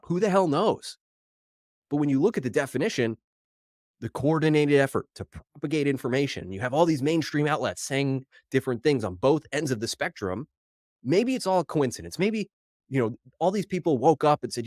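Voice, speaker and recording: A man's voice: a little high, brisk, dry recording, studio quality. Worked-up, over-caffeinated male podcast host. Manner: animated and worked up, mocking quoted headlines. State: over-caffeinated, slightly out of breath. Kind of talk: solo podcast commentary.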